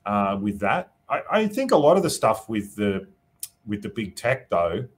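Husky low-voiced Australian man. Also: sing-song, unhurried. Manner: thinking aloud, often adds "you know" and "right?". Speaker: politician guest. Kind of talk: casual interview answers.

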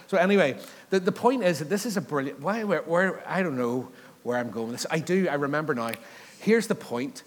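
A man's voice: a little high, animated, fairly quick. A man, preaching a casual sermon, joking and asking the congregation questions. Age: 30s. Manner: chatty, joking, asks the crowd questions. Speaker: pastor. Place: church hall. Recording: long hall reverb.

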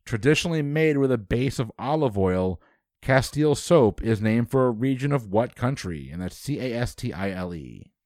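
A man hosting a trivia quiz, reading questions briskly and dropping dry quips. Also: medium pitch, lively intonation, a little mellow, dry recording.

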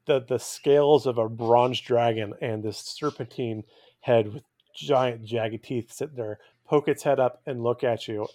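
A man's voice: mid-range voice, mellow, dry recording. Dry-voiced man narrating as game master. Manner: descriptive, with frequent restarts and fillers.

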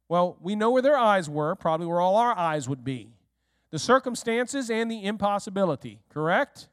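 A male pastor preaching a lively sermon, often asking his congregation questions and speaking to people in the room. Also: very high voice, clear, resonant tone, dry recording, studio quality. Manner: speaks directly to listeners in the room.

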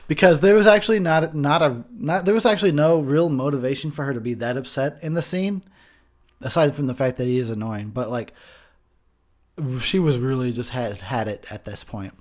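A man's voice: medium pitch, moderate pace. A man giving a rambling, profane movie commentary from his home mic, ranting as he drinks. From Texas. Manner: rambling, swearing, frustrated ranting. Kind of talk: drunk casual movie commentary. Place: home room near a window. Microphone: home recording mic.

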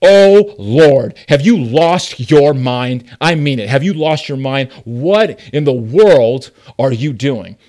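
A man voicing an angry, sarcastic male prophet who complains loudly and with exasperation to God. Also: medium pitch, expressive, slow, hardly any pauses.

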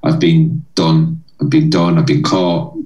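With an extremely low voice and a slow pace, an Irish comedian guest delivers a long, energetic story, acting out its people and laughing throughout. The audio is poor and reverberant, recorded far from the mic.

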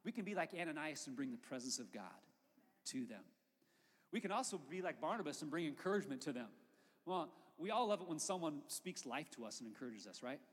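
A male pastor preaching a sermon in a conversational, lively way, with asides to the congregation. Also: fairly high pitch, fast talker, slightly rough, big-room sound.

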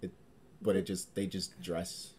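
Male co-host, very low voice, relaxed halting chat, faint background noise. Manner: relaxed, hesitant, lots of ums. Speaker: podcast co-host. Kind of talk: casual chat.

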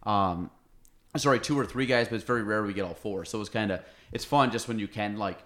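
A man hosting a podcast, chatting easily with his guest in a fairly low voice. He explains things in a loose, meandering way and often restarts his sentences. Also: fairly quick, a bit bright. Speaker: podcast host. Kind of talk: casual conversation.

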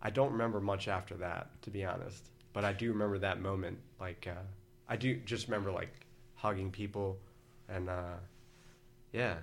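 A man's voice: low-pitched, fairly even intonation, fairly quick, vocal fry, slight background noise. A man in his forties, a guest on a podcast, telling long casual stories in a laid-back, rambling way. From Philadelphia area, United States. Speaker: podcast guest, former band vocalist. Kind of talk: casual storytelling chat.

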